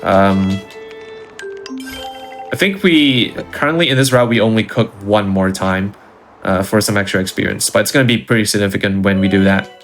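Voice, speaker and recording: A low-voiced man talks through a game speedrun in a relaxed, explanatory tone. Faint music runs under his voice. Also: moderate pace. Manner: explanatory, easygoing. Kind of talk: casual gameplay commentary.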